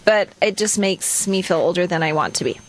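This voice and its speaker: A woman's voice: fairly low pitch, animated, a little fast, crowd noise. A middle-aged woman co-hosting a radio talk show, chatting casually, laughing lightly and reading out listener texts. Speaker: radio co-host.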